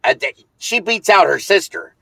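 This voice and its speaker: Man, podcast co-host, blunt, profane, argumentative, slightly high voice, dry sound. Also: big pitch swings, measured pace, gravelly, fairly bright tone, no room sound. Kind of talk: casual banter.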